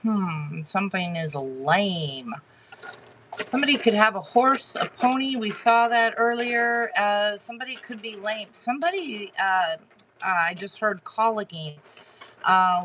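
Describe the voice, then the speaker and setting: A woman giving a live tarot reading to her chat, talking haltingly with many fillers and restarts and greeting viewers by name. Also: mid-range voice, fairly bright tone, slight background noise. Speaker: tarot reader hosting a live stream.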